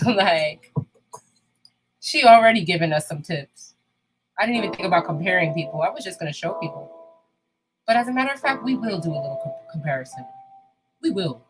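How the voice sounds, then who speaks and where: Woman, New York accent, livestream host, casual chat, animated, lowish voice, clear music behind. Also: brisk, rough recording. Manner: animated, swings pitch and loudness.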